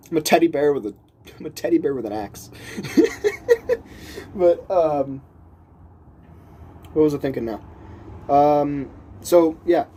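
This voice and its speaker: A man's voice: a little high, slight background noise. A man telling a story casually, rambling and restarting sentences, laughing often and acting out the people he quotes. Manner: animated, voices the people he quotes.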